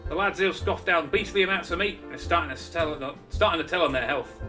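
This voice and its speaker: A man's voice: on the high side, brisk, over music, natural voice. A man voicing a hearty, blunt male tavern keeper in a clumsy mock Irish brogue, reading game dialogue aloud. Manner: attempted Irish brogue, calls the listener laddie.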